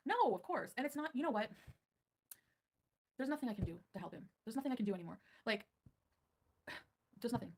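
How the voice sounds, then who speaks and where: Woman on a live stream, talking fast, defensive and ranty, addressing the chat. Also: fairly high pitch, animated, a little hiss or hum. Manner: defensive, ranting, talks to chat. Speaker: livestreamer. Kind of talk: livestream rant.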